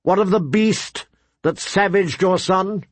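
A male narrator raises his pitch to play a cool, imperious queen who speaks in slow, husky demands. The recording is dry and close, with nothing behind the voice. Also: animated, no room sound. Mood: cold, demanding. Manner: cool and commanding. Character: cold, scheming adult queen.

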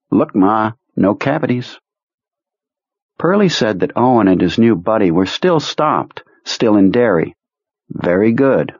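Husky low-voiced male narrator. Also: darkish tone, no room sound. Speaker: audiobook narrator. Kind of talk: scripted narration. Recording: muffled lo-fi recording.

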